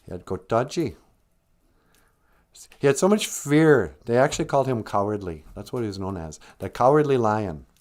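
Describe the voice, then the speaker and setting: A blunt, sarcastic man hosting a comedy live stream. His talk is lively and full of swings in pitch, and he rants at ease. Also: moderate pace. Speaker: show host.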